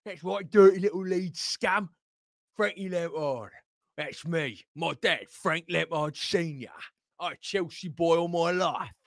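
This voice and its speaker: A man's voice: a little high, unhurried, vocal fry, dry recording, voice pushed up. A man putting on a mocking impression of a boastful, crude middle-aged football manager. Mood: gloating.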